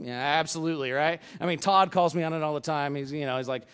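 A man in his thirties preaching a sermon as pastor, casual, blunt and joking, swinging from quiet asides to loud punchlines. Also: a little high, fast, hardly any pauses, clean tone.

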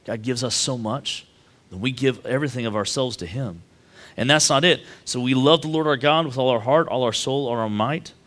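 A man's voice: mid-range voice, normal speed, a bit bright. Male pastor, thirties, chatty sermon delivery, keeps tagging lines with "right?". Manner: conversational, tags lines with "right?".

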